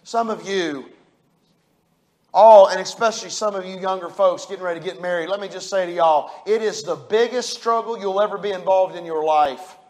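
A man's voice: sits high, normal speed, darkish tone. A middle-aged man preaching a sermon, folksy and emphatic, building to fervent peaks. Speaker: pastor.

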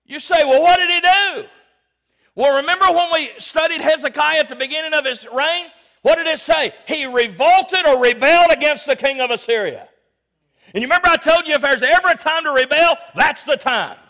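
A preacher delivers an emphatic sermon in a high, bright, forceful voice. He swings between loud exhortation and low, quiet asides. He draws amens from his listeners. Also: a little fast. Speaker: pastor.

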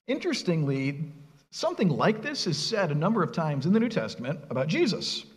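Middle-aged pastor preaching, voice jumps all over, long church echo. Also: male voice, on the high side, brisk. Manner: earnest preaching with lively emphasis and rhetorical questions. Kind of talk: sermon.

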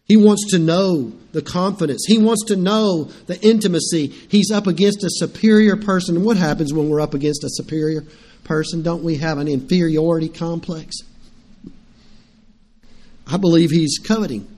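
A man's voice: fairly high pitch, normal speed, darkish tone. A middle-aged man preaching a sermon as pastor, telling stories animatedly and putting questions to the congregation.

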